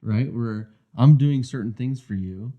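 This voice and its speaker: In a casual conversation on a marriage coaching podcast he co-hosts, a man speaks earnestly and reflectively. His voice is medium-pitched and unhurried. The recording sounds dull, muffled, and lo-fi.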